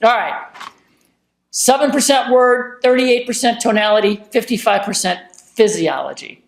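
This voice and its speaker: A woman talking casually to camera about communication. She is blunt, salty and joking, and swings between loud remarks and hushed asides. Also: a little high, measured pace, vocal fry. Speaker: motivational vlogger. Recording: echoey room.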